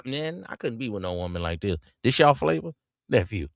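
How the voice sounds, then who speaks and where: A man's voice: mid-range voice, big pitch swings, brisk, creaky, dry recording, clean studio sound. A man hosting a podcast, teasing and roasting his co-host with bursts of mock outrage. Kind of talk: comedic casual chat.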